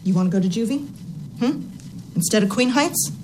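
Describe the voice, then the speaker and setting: A woman's voice: mid-range voice, lively intonation, fairly quick, slight background noise, close to an everyday voice, poor audio. A woman playing a stern, scolding mother. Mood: angry scolding. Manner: sharp, scolding, intense. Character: stern, fiercely protective mother scolding her daughter. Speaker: actress in a film clip.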